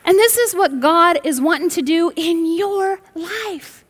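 A woman's voice: very high voice, a little slow. A middle-aged woman preaching a sermon with stories, emphatic and rising to bursts, calling on the congregation to respond. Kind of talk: sermon with storytelling. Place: large church sanctuary. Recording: reverberant hall.

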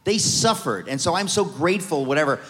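A middle-aged man from New York telling funny family stories on stage, animated and comic, often restarting his sentences. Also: fairly high pitch, a little fast. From New York, USA. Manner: animated, comic, self-interrupting. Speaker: guest speaker. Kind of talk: storytelling on stage. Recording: reverberant hall.

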